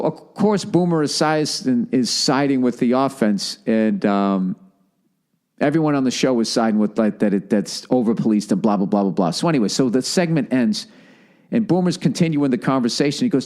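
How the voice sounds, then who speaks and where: A middle-aged man with a Boston accent hosting a podcast, telling a comedic story with swearing and acting out other people. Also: moderate pace. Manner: profane, animated, acts out quoted people in higher voices. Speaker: podcast host.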